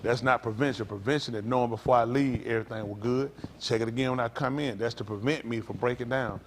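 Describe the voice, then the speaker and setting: A middle-aged man preaches to his congregation in a folksy, rambling way. His voice sits at a middle pitch and jumps into sudden loud bursts of emphasis. Faint noise hangs behind the recording. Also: fairly even intonation, fast. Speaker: pastor.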